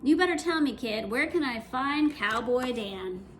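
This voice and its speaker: Woman doing a gruff outlaw cowboy. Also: high-pitched, animated, a little slow, a little hiss or hum.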